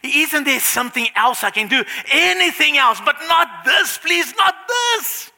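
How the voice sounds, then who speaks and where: A man's voice: very animated, measured pace, gravelly, bright, forceful tone, heavily acted. A preacher acting out an aged patriarch Abraham who pleads with God, his voice climbing as he begs, in a reverberant hall. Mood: pleading. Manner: begging, voice climbing high.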